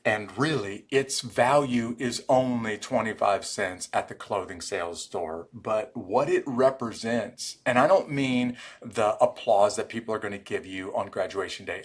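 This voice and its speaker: Husky middle-aged man telling war stories. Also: on the low side, normal speed, hardly any pauses. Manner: animated storyteller acting out quoted dialogue. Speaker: guest, former Army Ranger. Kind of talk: storytelling in a podcast interview.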